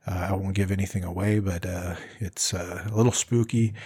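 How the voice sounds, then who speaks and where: A man hosting an interview show, introducing a story and chatting with his guest in a relaxed way with many pauses. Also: sits low, husky. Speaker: podcast host and editor.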